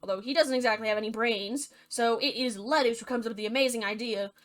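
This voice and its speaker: A woman's voice: on the high side, quick pace, fairly bright tone. A woman retelling a fairy tale as comedy, with sarcastic, jokey asides in a bubbly manner. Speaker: narrator.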